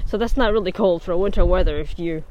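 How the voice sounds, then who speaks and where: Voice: mid-range voice, quick pace, muffled recording. Laid-back streamer chatting outside on a beach, chuckles a lot, a bit of wind noise behind. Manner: chatty, laughs often, reads comments aloud. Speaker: livestreamer. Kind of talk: casual live stream chat answering viewer comments. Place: outdoors on a windy winter beach. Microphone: mic worn while bundled in a hood.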